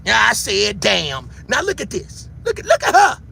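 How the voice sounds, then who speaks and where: A man giving heated livestream commentary who shouts, taunts his viewers and keeps repeating a catchphrase. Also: extremely high pitch, very animated, a little fast, gravelly, breathy edge.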